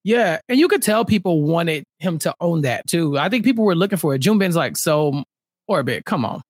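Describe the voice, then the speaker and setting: A man's voice: sits high, animated, fairly quick, no echo, studio quality. A man co-hosting a podcast, chatting casually and acting out quotes from a show in raised voices. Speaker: podcast co-host. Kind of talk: casual recap chat.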